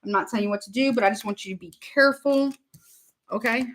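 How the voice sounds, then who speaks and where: Woman tarot reader, casual and chatty, fairly high voice, repeats herself. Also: quick pace, a bit bright, a little hiss or hum. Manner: chatty, repeats herself, calls viewers honey. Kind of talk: casual live tarot reading.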